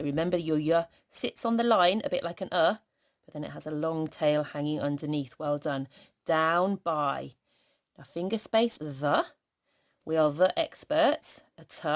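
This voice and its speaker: A woman teaching young children, slowly sounding out letters in a sing-song, encouraging way. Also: lowish voice. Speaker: primary school teacher.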